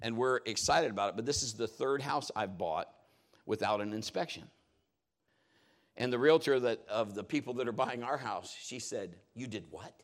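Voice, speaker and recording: A middle-aged man preaching a sermon as a pastor, telling stories in an animated way with big swings in his voice. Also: moderate pace. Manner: animated storytelling with lively swings in pitch.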